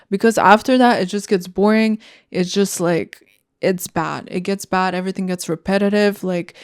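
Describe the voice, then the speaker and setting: A young woman hosts a solo podcast, delivering a casual rant that is blunt, heated and profane. Her voice is medium-pitched and a little mellow.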